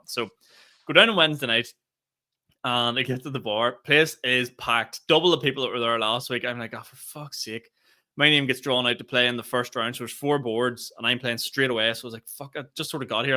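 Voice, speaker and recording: A young Northern Irish man telling a long, animated story on a casual podcast, cursing freely and laughing as he goes. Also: mid-range voice. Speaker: podcast co-host.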